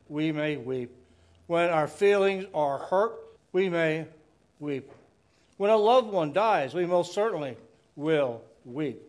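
A man preaching a sermon in a slow, earnest, reflective way, asking rhetorical questions. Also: fairly high pitch.

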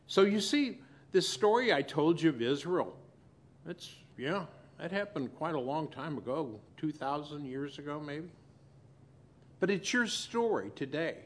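A man preaching a sermon as pastor, swinging between loud emphasis and quiet, soft asides. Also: fairly high pitch, expressive, unhurried.

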